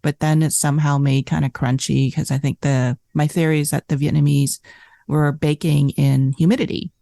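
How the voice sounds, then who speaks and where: Woman, 50s, cookbook author guest; animated, filler-heavy storyteller; slight fry, dry booth. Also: sits low, moderate pace, no room sound. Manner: animated storyteller, lots of "like" and "you know". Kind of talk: casual storytelling interview.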